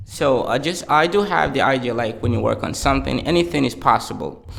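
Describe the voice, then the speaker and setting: A man on a podcast giving motivational advice, padding his sentences with "um" and "just". His voice has a gravelly edge, and he speaks as an at an ordinary pitch. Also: a little fast, a bit bright. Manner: encouraging, motivational, many fillers. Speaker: podcast co-host. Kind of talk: casual chat.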